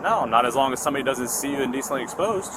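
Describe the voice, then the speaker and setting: A sheriff's deputy questioning someone in a parking lot in a calm, patient way, recorded on a body camera. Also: mid-range voice, racing. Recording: noisy outdoor bodycam audio.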